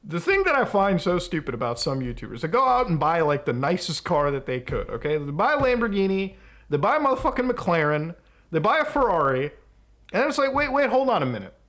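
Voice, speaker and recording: High, lively-voiced ranting male streamer. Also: fairly quick. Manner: profane, exasperated ranting with mocking outbursts. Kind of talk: casual livestream rant.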